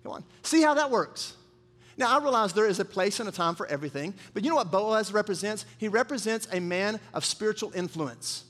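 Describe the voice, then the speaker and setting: In an echoing church hall, a male pastor preaches in call-and-response style, urging the congregation to respond. He talks fairly quickly and expressively, his voice sitting high with a fairly bright tone.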